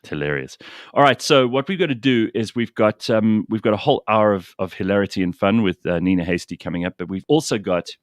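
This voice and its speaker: A man's voice: fairly low pitch, animated, fast talker, no room sound, clean studio sound. A man hosting a radio show from South Africa, chatting casually and with animation.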